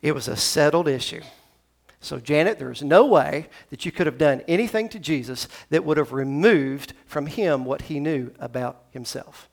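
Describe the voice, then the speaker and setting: Speaking at a normal speed with a gravelly voice, this Tennessee man is a pastor giving a sermon in the church sanctuary. His tone stays conversational as he dramatizes scripture dialogue through changes in pitch and volume.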